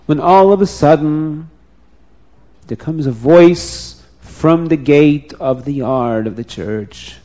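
A man telling a folk tale aloud, animated and repeating phrases, now and then restarting words. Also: medium pitch, unhurried. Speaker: storyteller.

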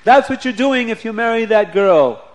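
Brief: man playing a deliberate rabbi, high voice, measured insistence. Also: big pitch swings, darkish tone. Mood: stern.

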